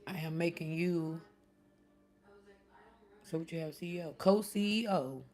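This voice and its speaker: A woman's voice: low voice, unhurried, a little mellow. A middle-aged woman streaming live, chatting casually and answering commenters by name. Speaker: live streamer reading chat. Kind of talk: casual chat.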